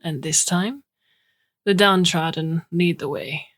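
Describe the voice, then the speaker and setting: A smooth, philosophical older man with a faint Romanian accent, read by a woman. He speaks slowly and in measured phrases, with a low tone. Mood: musing.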